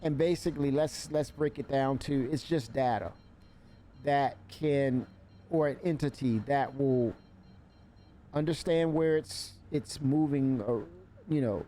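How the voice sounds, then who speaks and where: A man's voice: mid-range voice, measured pace, warm tone, slight background noise. A man streaming a video game live, chatting loosely, cursing and laughing at what happens on screen. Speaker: livestreamer. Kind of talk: live gameplay stream commentary.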